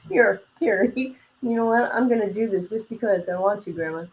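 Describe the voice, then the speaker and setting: A woman's voice: medium pitch, highs cut off, slight background noise. A young woman chatting casually, reacting with frequent giggles and exclamations. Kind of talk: casual chat.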